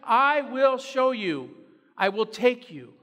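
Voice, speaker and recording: A pastor voicing Jesus in a tender, soft and reassuring tone. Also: male voice, extremely high pitch, big pitch swings, takes it slowly, in a large hall, full character voice. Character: Jesus, gentle man guiding the lost.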